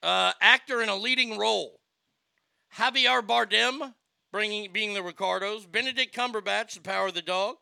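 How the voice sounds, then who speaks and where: A man's voice: high-pitched, moderate pace, gravelly, bright, forceful tone, smooth, no echo. A man hosting a casual podcast chat, brash, joking and profane. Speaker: host.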